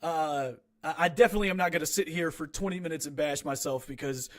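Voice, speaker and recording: Young man, slightly high voice, casual rambling self-critique, frank, small home studio. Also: fast talker, a bit bright. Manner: rambling, restarts a lot, frank and self-deprecating. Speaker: home-studio rapper reviewing his own track. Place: small home recording room.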